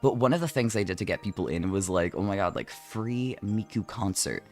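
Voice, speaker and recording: A man streaming from home as a vtuber, chatting casually while he draws, animated and jokey, swearing often and teasing his chat. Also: fairly low pitch, brisk, soft background music.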